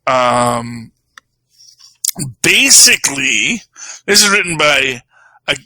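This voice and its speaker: A man's voice: medium pitch, big pitch swings, slow, bright, forceful tone, no echo, rough recording. A man co-hosting a podcast, talking comics in a rambling, casual way full of "you know" and "um". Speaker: podcast co-host. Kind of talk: casual chat about comics.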